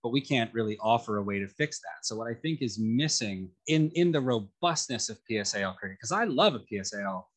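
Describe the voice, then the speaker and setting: A man's voice: medium pitch, expressive, brisk, hardly any pauses. A man in casual conversation who gives frequent short acknowledgements and then speaks at length.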